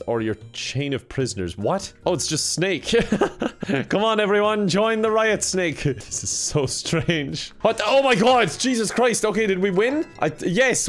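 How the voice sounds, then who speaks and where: Young man laughing through game commentary. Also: medium pitch. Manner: laughs often, jokey exclamations. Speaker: gaming YouTuber. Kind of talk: let's play commentary.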